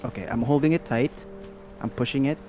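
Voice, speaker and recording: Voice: medium pitch, brisk, darkish tone. A gaming partner in casual chat who laughs hard and plays along. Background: faint lofi music.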